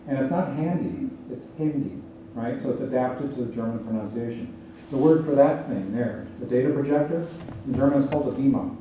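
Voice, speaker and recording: A man lecturing in a big, echoey hall, heard from a distance with faint noise behind him. His voice is very dark and mellow. He explains with small laughs and checks in with the audience as he goes. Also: medium pitch. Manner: explanatory, laughs between points, asks the audience "right?". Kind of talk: public lecture Q&A.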